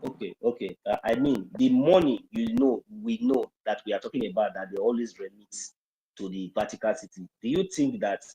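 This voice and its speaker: A man's voice: lowish voice, expressive, a little fast, warm tone, rough recording. A Nigerian man hosting a call-in discussion, asking questions politely and a little hesitantly.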